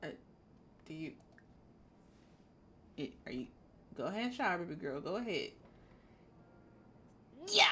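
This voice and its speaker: A woman's voice: lowish voice, big pitch swings, a little slow, pauses often, a bit bright, a little hiss or hum. A woman streaming a life-sim game, chatting casually in playful slang and bossing around her characters. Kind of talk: casual gameplay commentary.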